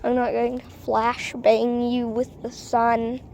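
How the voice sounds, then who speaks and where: A woman's voice: a little high, completely flat delivery, slow, gravelly, a little mellow, a little hiss or hum. A woman vlogging casually outdoors on a street into a phone, rambling and hesitant with many ums. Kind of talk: casual vlog.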